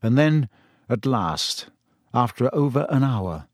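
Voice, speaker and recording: Brief: male audiobook narrator, mid-pitched, measured, close and bone-dry. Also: sing-song, darkish tone, no echo. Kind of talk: scripted narration.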